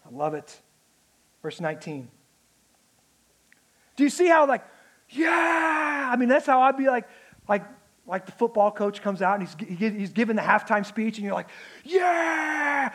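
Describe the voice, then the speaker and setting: High-voiced animated male preacher. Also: normal speed, pauses often. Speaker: pastor. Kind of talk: sermon.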